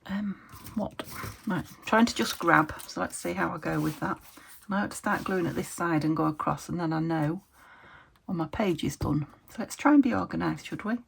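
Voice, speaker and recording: Woman, from the UK, craft vlogger, low gravelly voice, chatty self-talk, faint noise behind. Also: moderate pace. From United Kingdom. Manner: chatty, self-talking, searching for words. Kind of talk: casual chat while crafting. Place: home craft room at a desk.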